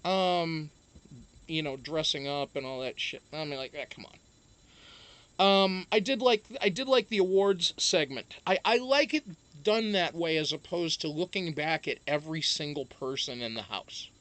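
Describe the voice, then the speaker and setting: A man's voice: on the high side, normal speed, fairly bright tone. Casual, cursing streamer man. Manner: rambling, profane, greets chat viewers by name. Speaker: live-stream show host. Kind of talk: casual live-stream chat.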